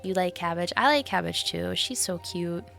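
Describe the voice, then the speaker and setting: A woman's voice: fairly low pitch, moderate pace, creaky, a bit bright, soft background music. A young woman streaming a video game, chatting casually and giggling with her viewers. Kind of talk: casual live-stream chat while gaming.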